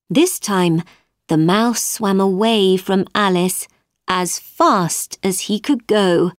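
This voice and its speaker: A woman narrating a storybook in a clear, deliberate reading voice meant for children. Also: mid-range voice, no echo, clean studio sound.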